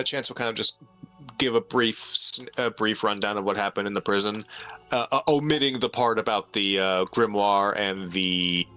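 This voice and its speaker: A man's voice: on the low side, pushed and bright, smooth. A man playing a tabletop game, talking hesitantly about his character's actions. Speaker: player. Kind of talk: tabletop role-play talk.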